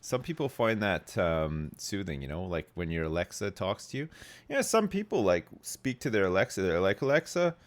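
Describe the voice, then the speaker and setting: A man's voice: sits low, very animated, normal speed. A man live-streaming a game, chatting casually in a joking, rambling way.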